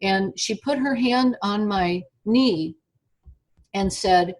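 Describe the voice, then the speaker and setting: An older woman tells her own story as an interview guest, her voice slightly husky and sitting in a middle register. She narrates with animation and slips into the voices of the people she quotes. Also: mid-range voice, slow.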